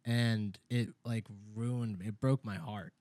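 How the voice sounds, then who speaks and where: A man's voice: lowish voice, fairly even intonation, measured pace, darkish tone, no room sound. A young man co-hosting a podcast, telling a long story in casual chat, swearing freely and filling his talk with "like". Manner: rambling storyteller, swears freely, many "like" fillers. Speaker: podcast co-host.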